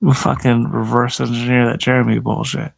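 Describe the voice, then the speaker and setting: A man's voice: medium pitch, little pitch movement, a little fast, creaky. A man livestreaming outdoors in the cold, ranting angrily and profanely at his chat and at himself.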